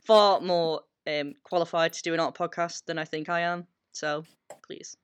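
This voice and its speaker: An English woman co-hosting a casual podcast chat, joking and self-mocking in an animated way. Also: sits low, normal speed, clear, resonant tone. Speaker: podcast co-host.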